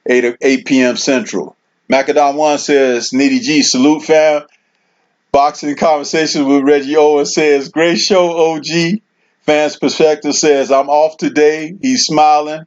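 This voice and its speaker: A man's voice: a little high, a little mellow. A man hosting a casual livestream, reading viewer comments aloud and laughing often. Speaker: livestream host reading chat. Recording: dull lo-fi stream audio.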